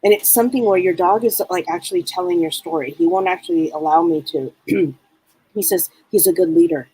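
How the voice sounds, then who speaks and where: A woman co-hosting a live psychic show, with a smoky voice hoarse from a cold, playful and chatty. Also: on the low side, fairly quick, warm tone, dry recording, rough recording. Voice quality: smoky, husky. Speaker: psychic reader, co-host. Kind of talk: live psychic reading chat.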